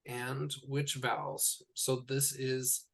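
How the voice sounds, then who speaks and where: Slow, gravelly male language tutor. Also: medium pitch, flat delivery, fairly bright tone. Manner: patient, spells out each word slowly and repeats it. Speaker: Hebrew teacher. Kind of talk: tutoring session.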